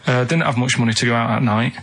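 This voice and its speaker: A man, a radio show regular telling a rambling story in a deadpan way in a studio. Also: mid-range voice, quick pace. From England. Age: 30s. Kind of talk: casual radio chat.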